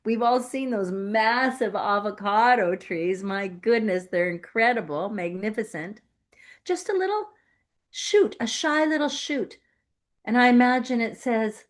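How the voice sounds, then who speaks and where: A woman's voice: fairly high pitch, measured pace. A woman giving a playful, emphatic inspirational sermon as a guest speaker, laughing often. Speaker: guest speaker at a spiritual center.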